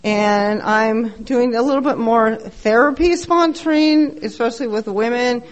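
A woman's voice: a little high, measured pace, highs cut off. A middle-aged woman giving a candid, profane recovery share at a meeting, telling her story bluntly and with self-mockery.

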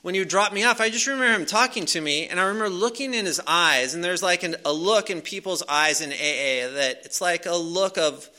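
A man with a high, sharp-toned voice speaks fairly quickly, barely pausing. He's casually telling a live audience a personal recovery story, rambling loosely with lots of fillers and restarts.

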